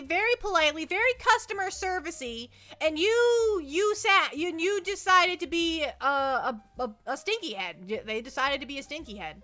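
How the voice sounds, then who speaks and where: Bright, high-voiced young woman streamer. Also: expressive, normal speed, hardly any pauses. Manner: rambling, self-deprecating, stumbles and repeats words. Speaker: VTuber streamer. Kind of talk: casual livestream chat. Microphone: close desk mic.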